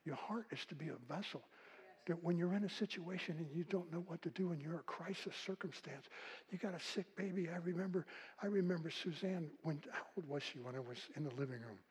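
An older man preaching a sermon with a husky voice, telling folksy stories and swinging from loud calls to hushed, quiet passages. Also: fairly high pitch, fairly quick, rough recording. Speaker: pastor.

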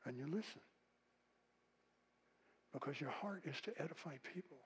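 An older man preaching a sermon with a husky voice, telling folksy stories and swinging from loud calls to hushed, quiet passages. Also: fairly high pitch, lively intonation, moderate pace, poor audio. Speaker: pastor.

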